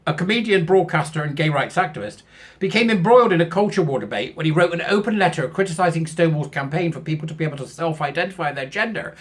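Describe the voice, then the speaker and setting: A sarcastic man with a high voice reads a news piece aloud, breaking off into scornful asides and chuckles. His tone is mocking and dismissive throughout, like a host riffing on a channel. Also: fairly bright tone. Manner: sarcastic and scornful, laughing often at his own jokes. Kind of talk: reading a news article aloud with mocking commentary.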